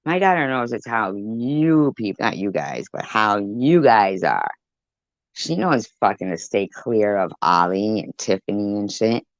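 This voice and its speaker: A woman's voice: very deep voice, animated, measured pace, no room sound. A woman livestreaming a heated, profane rant, snapping back at people in her chat. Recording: dull lo-fi stream audio.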